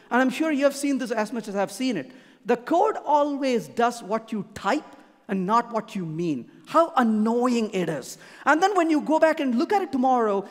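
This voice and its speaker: Animated, emphatic speaker in a reverberant hall. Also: medium pitch. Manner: emphatic, repeats points for emphasis. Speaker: conference speaker. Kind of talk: conference keynote talk.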